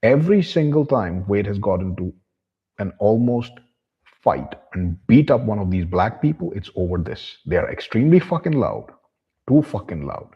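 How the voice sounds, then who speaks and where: Low husky man ranting bluntly. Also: big pitch swings, normal speed, muffled recording. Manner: refers to himself in the third person; blunt, profane, contemptuous ranting. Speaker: vlogger. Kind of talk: monologue to camera.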